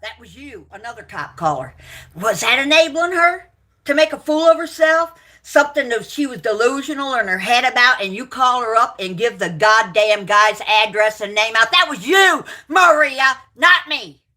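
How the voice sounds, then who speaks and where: A woman on a livestream, angrily ranting at her viewers, swearing and accusing, shouting out names, then muttering to herself between outbursts. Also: on the high side, animated, moderate pace. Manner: profane, accusing, shouting and yelling. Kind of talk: angry livestream rant at viewers.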